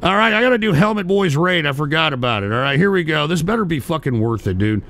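A man hosting a livestream, mocking and swearing loudly at his guests. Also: on the high side, lively intonation, fast talker. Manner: mocking, loud, laughing, swearing. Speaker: livestream host. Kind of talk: profane livestream commentary.

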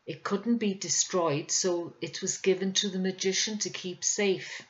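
A woman's voice: fairly low pitch, unhurried, lo-fi sound, voice pushed up, natural voice. A woman voicing a sickly but determined young girl who speaks earnestly. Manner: earnest, insistent.

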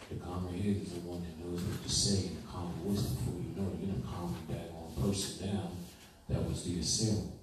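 A man teaching a class in a conversational, repetitive way, at times easing into a soothing hypnotic cadence. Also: sits low. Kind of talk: classroom lecture. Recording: echoey room from far off, faint noise.

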